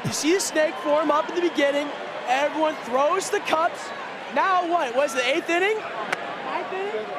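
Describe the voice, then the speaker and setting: A man giving an interview as a fan at a baseball game, exuberant and shouting over the crowd on a broadcast clip. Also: very high-pitched, normal speed, background noise. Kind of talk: excited on-the-spot interview.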